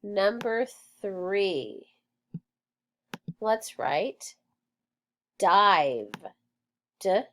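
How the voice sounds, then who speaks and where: A woman leads a children's phonics lesson at a very slow, measured pace. Her pitch sits in an ordinary middle range. She sounds out letters and syllables one at a time and keeps praising the listener. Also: lively intonation. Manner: patient, encouraging, sounds out words and letters. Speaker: teacher.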